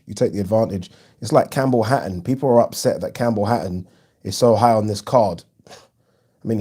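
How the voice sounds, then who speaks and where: A man's voice: lowish voice, warm tone, slightly rough. A man hosting a live boxing watch-along, chatting casually and frankly, reading viewers' comments with plenty of ums. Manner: chatty, frank, swears freely, frequent ums.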